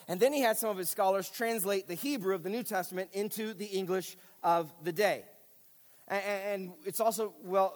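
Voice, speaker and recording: Male pastor, high pitch, explaining patiently, lingering reverb around him. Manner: explanatory, speaks directly to listeners with frequent checks. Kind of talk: teaching sermon.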